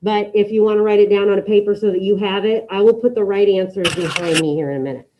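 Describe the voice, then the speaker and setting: A woman teaching a Spanish class to students in the room and online, giving brisk, repeated instructions and modeling pronunciation. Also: medium pitch, fairly even intonation, noisy background. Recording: dull lo-fi classroom audio.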